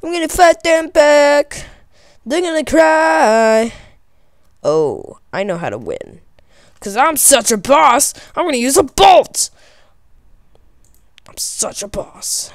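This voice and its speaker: A woman giving excitable, profane commentary while playing a game, often shrieking in panic. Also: high voice, slow pace, no echo, studio quality. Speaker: gamer. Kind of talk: let's play commentary.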